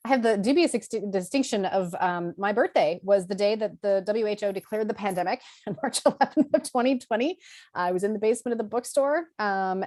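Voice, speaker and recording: A woman's voice: mid-range voice, darkish tone, no room sound, studio quality. A middle-aged woman bookseller giving a chatty, upbeat tribute over a video call. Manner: chatty and upbeat, laughs between phrases.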